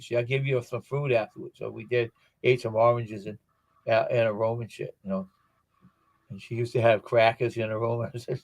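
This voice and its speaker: A man's voice: medium pitch, flat delivery, normal speed, no echo. A man chatting casually, telling rambling everyday anecdotes as a guest on a live stream. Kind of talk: casual chat.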